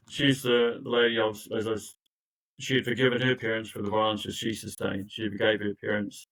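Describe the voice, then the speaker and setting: The voice is fairly low, creaky, and fairly bright, belonging to an older man who is a recovery coach. He shares his story in conversation with earnest emphasis, many restarts, and asides, captured on a rough recording.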